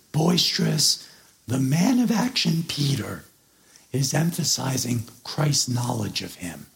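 A male pastor preaching at an unhurried pace, his voice rough with gravelly fry. He teaches earnestly and leans hard on key words. His pitch climbs and falls in a lively way as he unpacks the scripture. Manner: explains and expounds on a scripture passage. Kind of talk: sermon.

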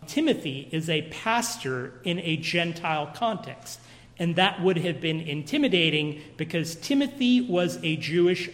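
A man preaching an expository sermon, earnest and emphatic, posing rhetorical questions to his congregation in a church. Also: high voice. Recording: long reverb of a large hall.

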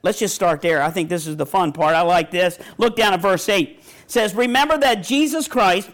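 Middle-aged man, pastor, high voice, folksy sermon delivery with scripture quotes. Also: normal speed, fairly bright tone. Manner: folksy storytelling preacher, quotes scripture, stammers on restarts.

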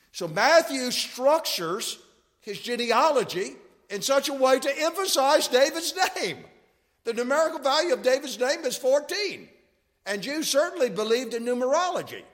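Man, bible teacher, high pitch, explanatory, repeats points, reverberant hall. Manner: explanatory, repeats key points, quizzes listeners.

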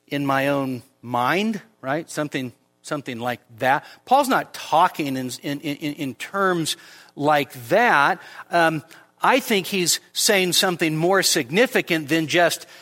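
At a measured pace, an animated pastor with a slightly bright voice preaches a midweek expository sermon in a church sanctuary with large-hall acoustics. It's a chatty delivery, thick with fillers and "right?" checks, and he jumps sharply higher and louder to quote scripture.

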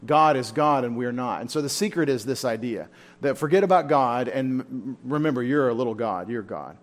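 A man's voice: medium pitch, moderate pace. A man teaching a Bible study in a church, talking informally and asking his listeners questions. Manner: informal, asks the room questions.

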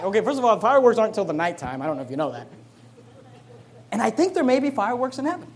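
A man as pastor preaching an emphatic sermon, pressing his listeners with repeated rhetorical questions and swinging between quiet and loud passages. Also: high voice, big pitch swings, rapid-fire.

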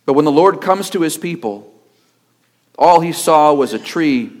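Guy pastor with a pretty high voice giving a sermon, emphatic, lots of repeating. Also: animated, a little slow, a little mellow. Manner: emphatic preaching with rhetorical questions and repetition.

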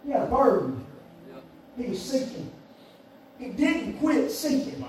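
A man preaching a sermon, emphatic and repetitive, swinging between shouts and hushed passages. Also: very high voice, sing-song, a little slow. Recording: echoey room, voice far from mic, faint hiss.

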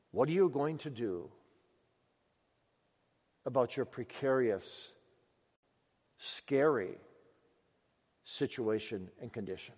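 A male preacher giving a sermon with emphatic questions and dramatic pauses. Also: mid-range voice. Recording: long echo of a large hall.

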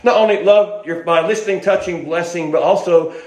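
A man's voice: sits high, brisk, a little mellow. An older man preaching a sermon in a folksy, rambling way, with restarts and asides, in an echoey hall.

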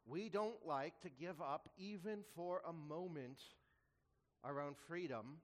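A man preaching a sermon as a pastor, earnest, asking rhetorical questions and slowing down to stress quoted scripture. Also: on the high side, in a large hall. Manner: earnest, rhetorical questions, slows for emphasis when quoting scripture.

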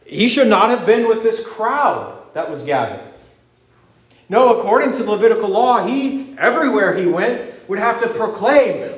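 Male pastor, high voice, lively storytelling sermon, reverberant room. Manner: animated preaching, acting out voices in the story. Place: church sanctuary. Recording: echoey church room.

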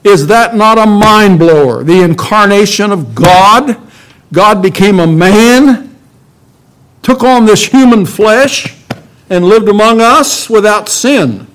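Slow, emphatic male preacher. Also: sits high, a bit bright. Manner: emphatic, rhetorical questions, slow deliberate delivery. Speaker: pastor. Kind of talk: sermon.

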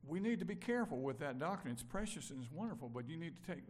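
An older man from Mississippi, preaching a conversational sermon that moves from loud emphasis to quiet asides. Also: on the high side, very animated, quick pace. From Mississippi, USA. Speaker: pastor.

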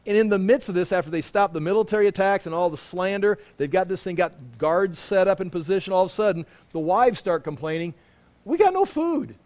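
A male pastor delivers a verse-by-verse sermon in an animated, conversational way. His voice sits high for a man, and he often jumps into the voices of the people he describes. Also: fast, hardly any pauses. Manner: animated, acts out quoted lines.

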